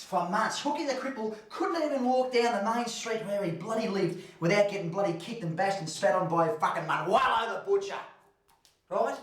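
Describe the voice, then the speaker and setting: A man's voice: high-pitched, roomy sound, poor audio. An Australian man telling a crude, swearing yarn with acted-out voices. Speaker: storyteller.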